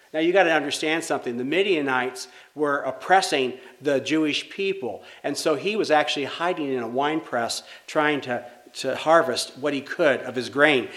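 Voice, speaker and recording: Middle-aged guy preaching, chatty, asks questions, slow scripture reading, kinda high voice. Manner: conversational preaching with rhetorical questions, reads scripture slowly. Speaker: pastor. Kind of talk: sermon.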